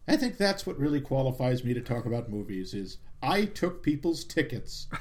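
A man's voice: medium pitch, big pitch swings. Jokey man co-hosting a movie podcast. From greater Boston area. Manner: jokey, self-deprecating, quick with puns and references. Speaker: podcast co-host. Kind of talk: casual chat.

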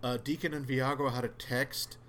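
A man's voice: medium pitch, moderate pace, slight background noise. A man co-hosting a casual film chat, eagerly recounting scenes with stumbles. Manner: animated storyteller, recounting scenes. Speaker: podcast co-host.

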